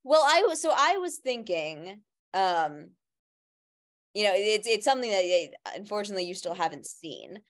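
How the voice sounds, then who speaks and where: A woman's voice: mid-range voice, big pitch swings, normal speed. A woman co-hosting a casual podcast chat, talking in a rambling way with many restarts and fillers. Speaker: podcast co-host.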